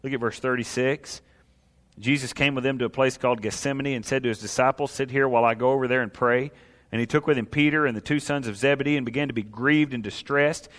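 A man preaching a sermon as a pastor, reading scripture and building to impassioned, loud emphasis. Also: mid-range voice, steady tone, fast talker. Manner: preaching, rises to impassioned shouting at climaxes. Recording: long hall reverb.

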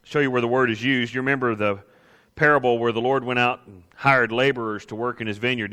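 A man's voice: medium pitch, bright, forceful tone, long reverb tail. A man preaching a sermon in a conversational way, now and then acting out the grumblers he quotes. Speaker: pastor.

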